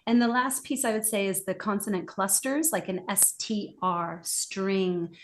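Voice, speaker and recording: A woman talks as a guest expert in an interview. Her voice sits at a middling pitch, and she explains with animation. She now and then acts out the reactions she describes. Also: a little slow, a little hiss or hum.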